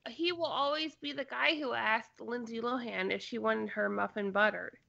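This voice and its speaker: A woman co-hosting a casual movie review podcast, dropping wry quick asides. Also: fairly high pitch, creaky, sharp tone, muffled recording. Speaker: podcast co-host.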